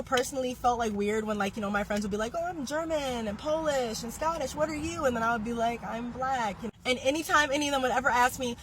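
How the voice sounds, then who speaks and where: Animated woman telling a story with faint traffic behind. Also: a little high, poor audio. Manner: animated, swearing, laughing asides. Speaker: social media commenter. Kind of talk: casual storytime vlog.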